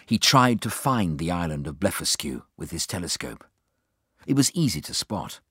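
A man narrating a children's storybook in a steady, expressive way. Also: sits low, moderate pace, breathy edge, no room sound, studio quality. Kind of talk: storybook reading.

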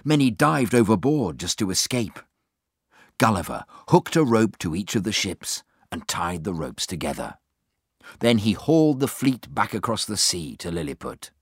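A man narrating a children's storybook in a steady, expressive way. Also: on the low side, normal speed, breathy edge, no room sound, clean studio sound. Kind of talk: storybook reading.

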